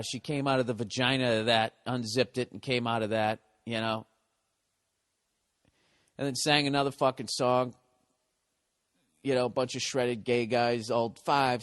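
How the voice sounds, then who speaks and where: A man's voice: medium pitch, fairly bright tone, dry recording, clean studio sound. A man who is a comedian and podcast host, telling a story as a casual, profane rant full of swearing, exasperated and correcting himself as he goes. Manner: self-corrects and restarts mid-story.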